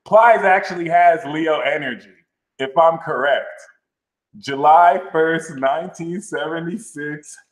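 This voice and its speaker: A man hosting a casual astrology livestream, talking loosely and playfully. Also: slow. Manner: animated, jumps into high sassy mock voices. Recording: roomy echo.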